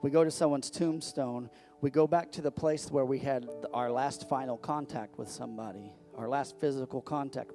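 A man's voice: fairly high pitch, moderate pace, mellow, soft background music. Preaching man, conversational with emphatic rises. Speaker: pastor. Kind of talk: sermon.

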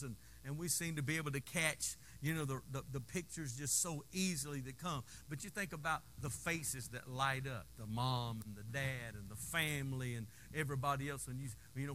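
Bright, high-voiced preacher man. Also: a little hiss or hum. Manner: folksy, call-and-response preaching with playful asides. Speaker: pastor. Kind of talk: sermon.

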